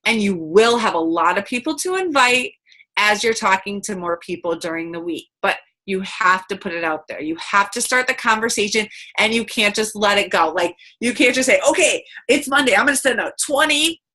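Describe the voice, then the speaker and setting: Bright-voiced woman coaching on a call. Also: medium pitch, normal speed. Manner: chatty, upbeat, lots of fillers and quoted asides. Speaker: team coach. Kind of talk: casual coaching talk on a video call. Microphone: video call.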